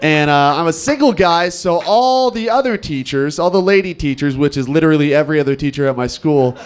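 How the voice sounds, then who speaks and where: A man's voice: a little high, brisk, clean tone. A man in his twenties from Nevada, doing a wry, self-deprecating stand-up set on a club stage. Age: 20s. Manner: wry, self-deprecating, animated impressions of locals. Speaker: stand-up comedian.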